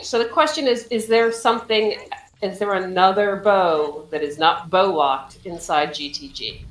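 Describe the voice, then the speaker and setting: A woman commentating a game in an expressive, playful way. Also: medium pitch, moderate pace, echoey room, rough recording.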